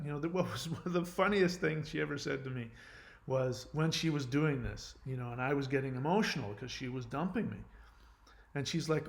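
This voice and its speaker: A man's voice: mid-range voice, fairly quick, creaky. Earnest man rambling through a confession. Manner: rambling, frequent "you know" fillers and restarts. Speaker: channel host. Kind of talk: candid monologue answering viewer comments.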